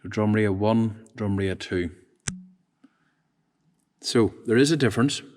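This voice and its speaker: A man's voice: lowish voice, takes it slowly, a little mellow. A man working as an AV installer, talking through each step of tuning a sound system as he goes. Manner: methodical, explains each step as he works. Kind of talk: casual narrated work vlog. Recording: long hall reverb.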